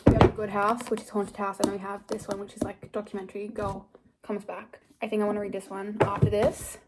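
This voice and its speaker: A woman's voice: mid-range voice, monotone, fast, heavy background noise. A young woman vlogging casually about books, chatty and rambling with lots of fillers. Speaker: book vlogger. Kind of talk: casual vlog chat.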